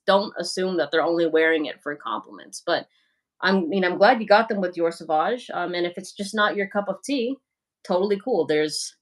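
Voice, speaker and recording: A young woman hosting a livestream, talking casually and frankly as she answers viewers' comments, with plenty of "like" and "you know". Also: mid-range voice. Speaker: livestream host.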